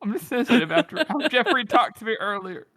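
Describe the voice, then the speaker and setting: Bright-voiced joking man. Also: very high voice, animated, a little fast. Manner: joking, swears freely, mock-offended. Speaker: podcast co-host. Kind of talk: casual book discussion.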